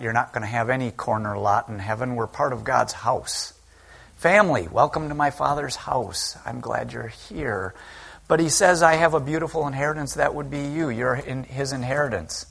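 A male pastor delivering an earnest, conversational sermon with a gravelly edge to his voice. His pitch sits in the middle of the male range. He talks to the congregation plainly, as if chatting with them. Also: moderate pace, a bit bright. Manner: conversational, earnest preaching that acts out quoted speech.

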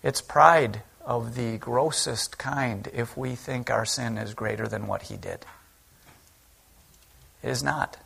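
A man's voice: mid-range voice, slow, vocal fry, fairly bright tone, husky. A man, a pastor, preaching a sermon in an earnest, conversational way at a church service. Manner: conversational, earnest preaching that acts out quoted speech.

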